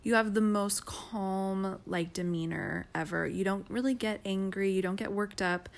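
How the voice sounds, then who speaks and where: A woman's voice: medium pitch, moderate pace, gravelly. Chatty candid woman talking. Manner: chatty, candid, laughs a lot. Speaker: podcast co-host. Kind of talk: casual couple chat.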